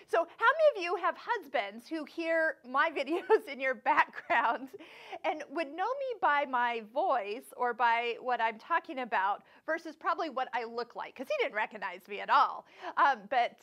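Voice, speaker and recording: A woman's voice: high-pitched, lively intonation, moderate pace, fairly bright tone. A woman hosting a sewing channel, telling a travel story in a chatty vlog, laughing often and acting out what people said. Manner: chatty, laughs often, acts out quoted voices.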